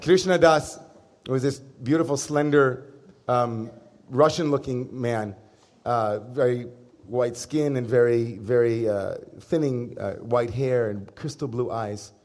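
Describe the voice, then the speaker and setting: A rabbi delivers a Sabbath sermon in a relaxed, chatty way, with light humor, frequent "uh"s and restarts. His voice sits at a middle pitch for a man. He speaks to a congregation. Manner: conversational, humorous, with pauses and fillers. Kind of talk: sermon with personal storytelling. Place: synagogue service before a congregation.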